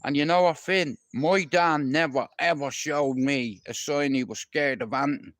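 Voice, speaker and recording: A man's voice: on the high side, normal speed, fairly bright tone, dry recording. A man telling a personal story on a casual live stream, blunt and heavily profane, talking straight to a listener. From Dublin, Ireland.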